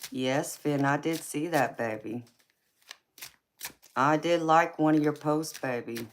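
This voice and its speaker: Speaking slowly in a low-pitched voice over a little hiss or hum, a Southern-accented woman hosts a casual tarot livestream. She is laid-back and giggly, laughing a lot and calling her viewers baby and honey.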